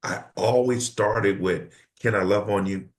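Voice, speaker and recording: A man's voice: lowish voice, steady tone, measured pace. A middle-aged man, a pastor and podcast guest, speaking in an emphatic, preacherly cadence while counseling in conversation.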